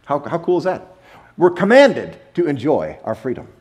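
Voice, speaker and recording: A man delivers a Sunday sermon in a relaxed, talk-it-through way, full of laughs and slowed-down emphasis. His voice sits a bit above the usual for a man and leaps around freely in pitch. He preaches in a church. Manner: conversational and animated, with playful laughs and drawn-out emphasis. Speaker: pastor. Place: church sanctuary.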